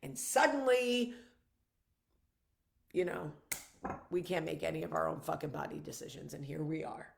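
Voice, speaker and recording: A woman's voice: low voice, normal speed, vocal fry, long pauses, a little hiss or hum. A middle-aged woman hosting her own vlog, talking candidly to viewers, blunt and emphatic with frequent swearing, earnest and reassuring. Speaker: vlog host.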